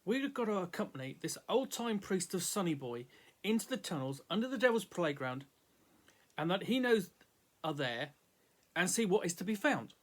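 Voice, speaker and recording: A man reading a terse gruff adventurer. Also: high-pitched, sing-song, moderate pace. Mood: matter-of-fact. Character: laconic, gruff male adventurer.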